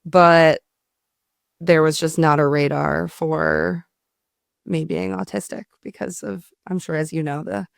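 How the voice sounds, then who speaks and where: A podcast host with a smooth, clear voice at a middle pitch. They speak thoughtfully and reflectively, pausing on fillers as they search for words. The sound is dry and close. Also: fairly even intonation, dry recording. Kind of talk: casual interview talk.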